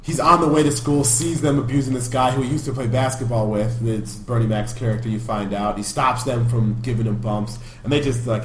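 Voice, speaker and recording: A man's voice: medium pitch, fairly even intonation, a little fast, reverberant, slight background noise. A man co-hosting a podcast, chatting casually and recapping scenes from a movie he loves, with a rambling, restarting way of talking. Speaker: podcast co-host. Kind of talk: casual chat. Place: backup studio.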